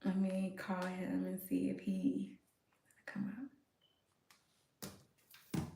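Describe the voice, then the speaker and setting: An upbeat, animated woman hosting a casual live stream from home, talking straight to her viewers. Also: mid-range voice, moderate pace, vocal fry, pauses often, slight background noise. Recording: echoey room.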